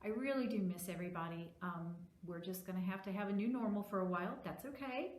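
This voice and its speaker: A woman librarian reading a story aloud to children, animated and asking them questions. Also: mid-range voice, quick pace. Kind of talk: virtual children's story time. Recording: echoey room.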